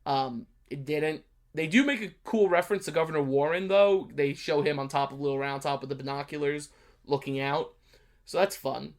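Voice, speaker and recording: A man's voice: fairly high pitch, normal speed. A man with a blunt New York accent, hosting a history channel and casually talking through a movie review. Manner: blunt, brash, chatty with many fillers.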